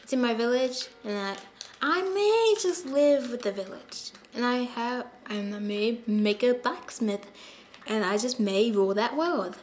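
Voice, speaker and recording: An excitable woman hosts her own gameplay video, chatting to viewers in a fairly high voice. She talks slowly, with long stretches of low muttering between her bursts of enthusiasm. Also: slight background noise. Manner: excitable and chatty, drops to mutters while playing. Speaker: gaming channel host. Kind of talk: casual gameplay commentary.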